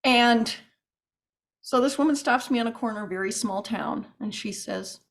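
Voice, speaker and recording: A woman telling stories as a podcast guest, animated and rambling with restarts and asides. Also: on the high side, moderate pace. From United States. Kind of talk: podcast interview storytelling.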